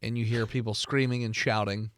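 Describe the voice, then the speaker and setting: A man narrating a tabletop role-playing game as game master, in a casual, animated way with fillers. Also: on the low side, brisk, no echo, studio quality.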